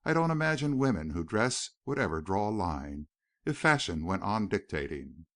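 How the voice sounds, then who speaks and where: A man's voice: fairly low pitch, very animated, normal speed. A male narrator voicing a proud, coquettish young city woman in an audiobook. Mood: poised.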